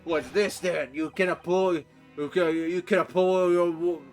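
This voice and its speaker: A man doing a gruff Scottish prison governor. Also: sits high, steady tone, measured pace, faint music behind. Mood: blustering. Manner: brusque, blustering. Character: gruff blustering male prison governor, middle-aged. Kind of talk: reading game dialogue aloud.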